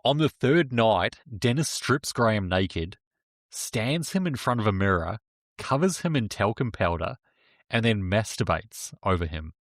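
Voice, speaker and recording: Man, podcast co-host, casual true-crime chat, plain storytelling, lowish voice, dry close sound. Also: animated, measured pace, dry recording. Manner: storytelling, recounting the case plainly.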